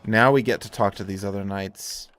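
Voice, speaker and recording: A man's voice: lowish voice, fairly even intonation, moderate pace, fairly bright tone, soft background music. A man casually commenting on a video game as he plays, joking in a wry, playful way. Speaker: let's play host.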